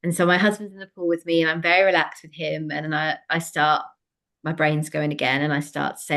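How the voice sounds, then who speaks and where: Woman retelling a story, lively and frank. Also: deep voice, fast talker. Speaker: interview guest. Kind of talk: personal storytelling in conversation.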